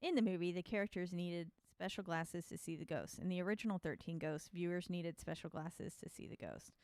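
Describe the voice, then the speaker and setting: A woman's voice: lowish voice, brisk, a little mellow, clean tone, no room sound. A woman co-hosting a casual podcast, chatting and laughing often and reading trivia aloud. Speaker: podcast co-host. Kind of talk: casual chat.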